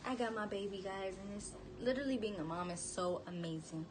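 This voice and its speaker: A woman's voice: a little high, fairly quick. A young woman telling her birth story in a candid, chatty vlog, now and then cooing at her baby. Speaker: vlogger, new mother.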